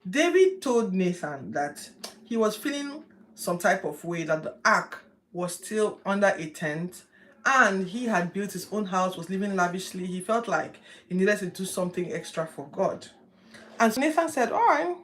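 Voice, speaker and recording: A woman hosting a Bible reading, chatting lively with her viewers as she teaches. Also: on the low side, a little hiss or hum. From Nigeria. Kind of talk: casual livestream Bible teaching.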